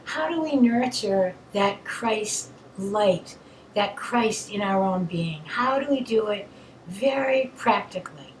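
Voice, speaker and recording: A woman with a fairly high voice gives a spiritual talk at a very slow, unhurried pace. Her phrases are soft, tender and drawn out. The sound is roomy, with a faint hiss behind her. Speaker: co-leader of an online spiritual session. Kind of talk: slow, gentle spiritual teaching.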